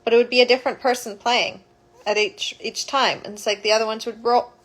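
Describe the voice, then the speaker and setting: Woman educator, casual rambling retelling with many restarts; slightly high voice. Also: little pitch movement, brisk, low-quality recording. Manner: rambling, self-correcting. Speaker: childbirth educator. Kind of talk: casual storytelling.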